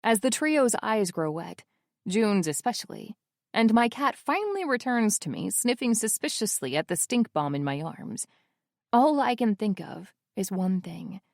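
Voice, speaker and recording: A young woman narrates a first-person romance audiobook with wry, intimate asides. Her pace is slow and unhurried, and her pitch moves expressively. The sound is dry and close to the mic. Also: sing-song, gravelly, no room sound.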